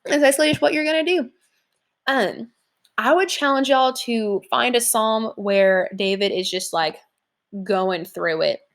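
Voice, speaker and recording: A young adult woman teacher with a slightly high voice speaks unhurriedly in a casual lesson recorded at home. She is chatty and informal, using lots of fillers, while a leaf blower runs outside.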